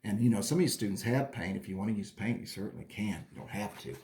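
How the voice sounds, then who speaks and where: A man teaching children an art lesson and reading them his own story, in a playful, animated manner. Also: on the low side, quick pace, roomy sound, slight background noise.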